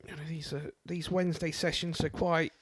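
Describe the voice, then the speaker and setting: A man's voice: fairly high pitch, little pitch movement, normal speed, slight background noise. A man co-commentating live darts, chatty and conversational in his analysis.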